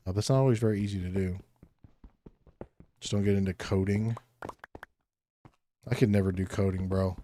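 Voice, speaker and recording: A man streaming a block-building game, chatting casually with his chat in a laid-back, rambling way and thinking aloud between pauses. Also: sits low, steady tone, warm tone, a little hiss or hum. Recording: faint music underneath.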